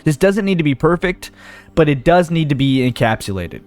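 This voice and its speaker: A man's voice: fairly high pitch, expressive, normal speed, a little mellow, soft background music. A young man giving casual let's-play commentary, thinking aloud and talking himself in and out of ideas as he goes. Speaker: gaming video host.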